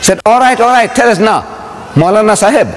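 Brief: a male lecturer doing a high, pushy reverend who presses hard for an answer, long hall echo. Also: brisk, a little mellow. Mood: demanding. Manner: pressing, demanding. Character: insistent male Christian reverend debater.

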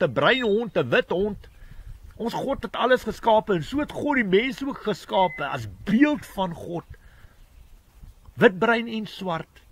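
A man preaches in an earnest, steady teaching manner. His voice is pitched high for a man, and he builds his points through long, explaining runs of speech. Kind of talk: spoken sermon.

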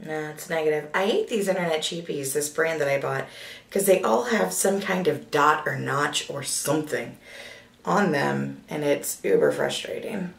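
A woman in her thirties, groggy and husky from allergies, chatting casually and rambling with many fillers in a home vlog. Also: sits low, moderate pace, roomy sound, distant mic. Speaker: vlogger.

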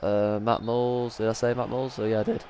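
A man's voice: medium pitch, little pitch movement, a little fast, slight background noise. A man giving casual commentary over a football video game, with many filler sounds and sudden angry outbursts at the referee. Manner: frequent filler sounds, swears and shouts at the referee. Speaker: gaming YouTuber.

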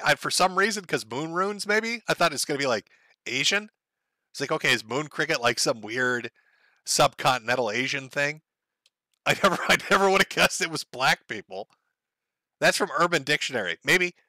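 Bright, dry-voiced man riffing on stream. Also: on the high side, dry recording. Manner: crude, joking, laughs often between lines. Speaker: livestream host reading chat. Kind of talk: casual livestream commentary.

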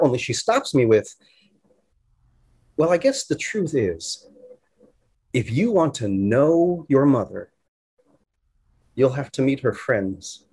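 A man playing husky, halting young man Zach. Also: medium pitch, darkish tone. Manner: halting, emotional storytelling with restarts. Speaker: actor in a stage play. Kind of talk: theatrical monologue to the audience.

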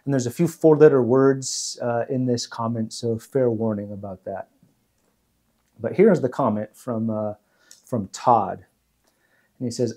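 Male history host, mellow and a bit husky, relaxed and measured. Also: medium pitch. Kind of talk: explanatory history video talk.

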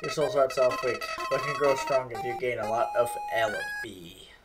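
A man reading aloud as a sly, two-faced flower creature from a game, a little louder than his own talk. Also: mid-range voice, fairly even intonation, normal speed, far from the mic, close to an everyday voice. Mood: falsely sweet. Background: game music.

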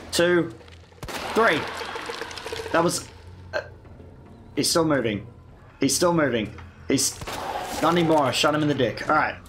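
Male let's-play commentator, higher voice, dry sarcasm, swears freely. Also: fairly bright tone, slight background noise. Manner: sarcastic, self-mocking, swearing. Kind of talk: casual gameplay commentary.

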